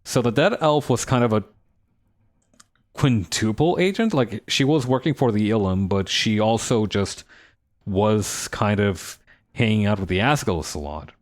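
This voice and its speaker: A man's voice: on the low side, lively intonation, unhurried. A man streaming a game live, reading aloud and joking, swearing and laughing often.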